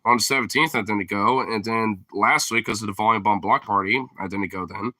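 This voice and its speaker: Bright, rambling, profane casual man. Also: fairly low pitch, a little fast, no room sound. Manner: rambling, profane, heavy on fillers; laughs often while talking. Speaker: streamer host. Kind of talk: casual chat.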